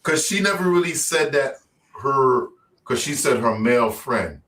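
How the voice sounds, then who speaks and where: A man co-hosting a casual panel podcast, measured and asking questions. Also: mid-range voice, animated, fairly bright tone. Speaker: podcast co-host.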